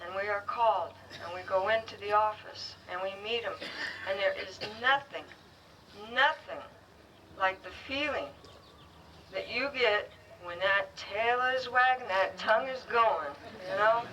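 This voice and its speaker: A woman giving a heartfelt speech as a guide dog school graduate, earnest and speaking in short, halting phrases. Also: medium pitch, sharp tone. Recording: distant, faintly noisy ceremony recording.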